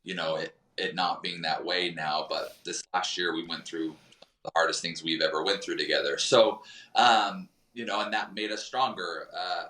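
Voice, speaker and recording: A man's voice: low-pitched, steady tone, moderate pace, sharp tone, recorded from a distance. A man speaking as a podcast guest in a candid, rambling and reflective way, with many fillers. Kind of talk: candid conversational chat. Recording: roomy sound from off the mic.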